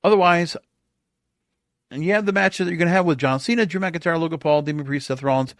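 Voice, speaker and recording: A man's voice: on the high side, fast talker, no room sound, studio quality. Exasperated man ranting on a podcast. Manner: sarcastic, exasperated, rhetorical questions. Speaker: wrestling podcast host. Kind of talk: opinionated solo podcast rant.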